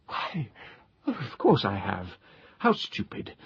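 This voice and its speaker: A man voicing a tipsy, pompous middle-aged gentleman who speaks with exaggerated, sing-song civility. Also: medium pitch, huge pitch swings, slow pace, breathy edge, no room sound, full character voice. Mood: tipsy, genial. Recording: dull lo-fi recording.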